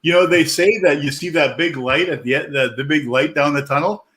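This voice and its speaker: A man's voice: on the high side, a little fast, a bit bright. A man hosting a casual chat, rambling and searching for his words.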